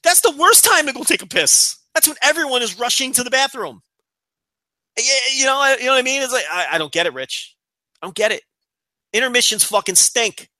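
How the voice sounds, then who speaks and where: Man, podcast co-host, profane ranting, bright tone, dry close sound. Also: extremely high pitch, lively intonation, a little fast, dry recording. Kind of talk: casual podcast chat.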